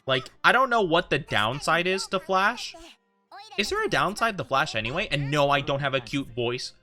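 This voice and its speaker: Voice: mid-range voice, big pitch swings, normal speed, sharp tone, faint music behind. A VTuber streamer in rambling casual chat with viewers during a game stream.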